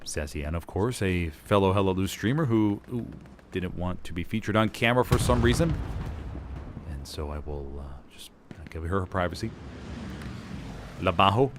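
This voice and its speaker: A man's voice: deep voice, normal speed. A man casting a live competitive shooter match, giving chatty, self-deprecating play-by-play. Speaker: esports caster. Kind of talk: live game commentary. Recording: game noise behind the voice. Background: gunfire, artillery and vehicles from the game.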